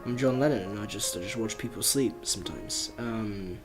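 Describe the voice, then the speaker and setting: A man voicing a bored, mellow male ghost of a British rock musician, mumbling low and offhand, with soft guitar faintly behind. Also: moderate pace, natural voice.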